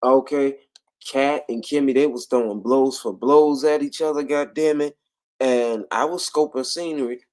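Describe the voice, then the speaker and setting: A man's voice: medium pitch, fairly even intonation, moderate pace, darkish tone. A man hosting a casual commentary livestream, drawling, laughing often and repeating himself. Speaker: livestream host.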